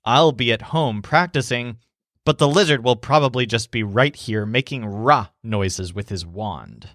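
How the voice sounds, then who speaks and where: A man voicing a smug man who is showing off a magic wand, in a low, muttered and offhand way. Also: measured pace, a bit bright, no room sound, clean studio sound, close to an everyday voice.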